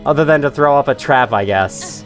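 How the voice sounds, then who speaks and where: A man's voice: medium pitch, brisk, soft background music. A man hosting casual let's-play commentary, swearing often and joking through his frustration. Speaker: gaming channel host.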